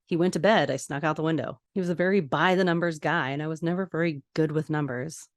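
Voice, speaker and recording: A woman reading the lines of a frazzled young mother, rambling and anxious, in a low, dry voice. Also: fairly even intonation, quick pace, dry recording, close to an everyday voice. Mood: rueful.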